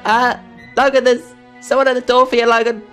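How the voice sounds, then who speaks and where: A man's voice: extremely high pitch, flat delivery, fairly quick, fairly bright tone, voice pushed up. A man voicing the mother of a teenage boy in a game role-play, calling out insistently. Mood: urgent. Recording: faint music behind.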